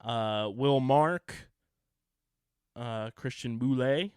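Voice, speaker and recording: A man's voice: mid-range voice, a little slow, a bit bright, clean tone, dry recording, studio quality. A young man co-hosting a sports podcast, chatting casually and running through lists of names with lots of fillers. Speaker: podcast co-host.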